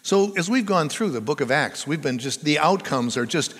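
Older male pastor, conversational sermon delivery, animated pitch, long hall reverb. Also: normal speed. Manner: conversational, chatty storytelling that draws the audience in.

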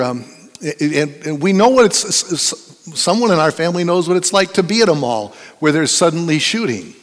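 Animated preacher man in a reverberant church. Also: mid-range voice. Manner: animated and emphatic, dropping to hushed whispers for effect. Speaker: pastor. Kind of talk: sermon. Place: church sanctuary. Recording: long reverb of a church hall.

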